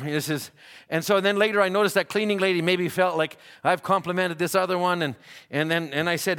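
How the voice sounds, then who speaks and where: A man with a high, bright, ringing voice preaches in a church, trading folksy anecdotes for fervent calls to his congregation. A long reverb hangs on every phrase. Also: fast. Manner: folksy storytelling, rising to fervent exhortation. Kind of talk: sermon. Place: church sanctuary.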